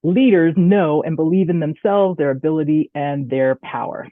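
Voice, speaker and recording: A woman with a Southern US accent giving a chatty, animated online presentation, often checking in with "right?". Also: sits low, moderate pace, dry recording. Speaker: guest speaker. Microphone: video call. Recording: tinny phone-like audio, dry.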